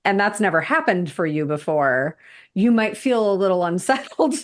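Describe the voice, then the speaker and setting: A woman's voice: medium pitch, animated, moderate pace, slight background noise. A woman hosting a podcast interview, reflecting on and summing up what her guest has said. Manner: reflective, summarizing back to the guest. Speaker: podcast host. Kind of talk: conversational interview.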